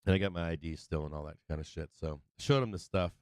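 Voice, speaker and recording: A low-pitched man with a clean, resonant voice rambles through a casual story, swearing freely and doubling back on his words. His voice is close and dry, with no room sound around it. He talks the way a live stream host chats with his viewers. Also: quick pace, darkish tone, dry recording. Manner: loose and profane, with many restarts and laughs.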